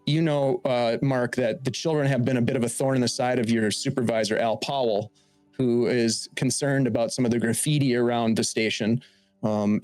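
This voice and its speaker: A man narrating a sci-fi tabletop game as game master, describing scenes in a halting way with many restarts. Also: mid-range voice, a little mellow, no room sound.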